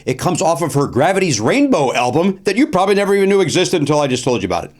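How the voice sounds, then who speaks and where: This is a comedian host, a man with a fairly high voice, racing through a casual story. He delivers it with animation, circling back to repeated phrases and dropping plenty of "uh" fillers.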